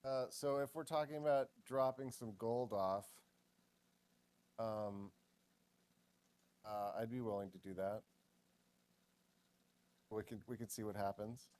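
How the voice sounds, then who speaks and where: A man playing a tabletop role-playing game, talking casually about his character and often pausing with ums and uhs. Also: fairly low pitch, steady tone, darkish tone. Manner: hesitant, heavy with ums and uhs.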